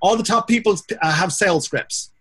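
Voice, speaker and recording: A man talks through practical advice in a blunt, plain way. His voice sits a little high with a husky edge. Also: brisk, a bit bright. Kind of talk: casual advice chat.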